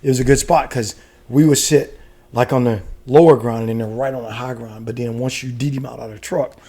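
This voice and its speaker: A middle-aged man, a retired soldier, telling war stories in casual podcast chat, animated and profane, laughing often. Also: mid-range voice, fairly quick. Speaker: guest, retired Army special forces soldier.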